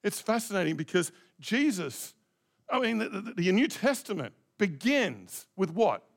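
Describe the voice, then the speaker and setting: A man's voice: high voice, sing-song, a little slow, gravelly. A middle-aged male pastor preaching a reflective, conversational sermon, asking his congregation direct questions.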